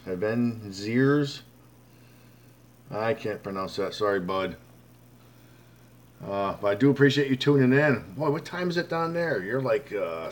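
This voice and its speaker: A man hosting a casual live stream, chatting loosely with viewers, greeting them by name and calling them bud. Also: on the high side. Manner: rambling, reads viewer comments aloud; frequent fillers and restarts. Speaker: livestream host.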